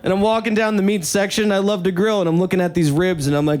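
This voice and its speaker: Male stand-up comic from New York, casual and self-mocking, a bit higher pitched. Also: fairly even intonation, quick pace, a little mellow. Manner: casual, profane and self-mocking, with many "like" fillers. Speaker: stand-up comedian. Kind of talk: stand-up storytelling.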